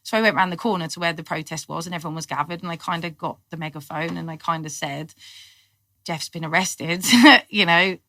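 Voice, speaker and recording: A middle-aged woman, a podcast guest telling her story in lively, casual talk, acting out what people said and laughing often. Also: deep voice, quick pace, hardly any pauses, no room sound. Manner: animated storyteller, acts out quotes, laughs often. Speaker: guest, cannabis activist.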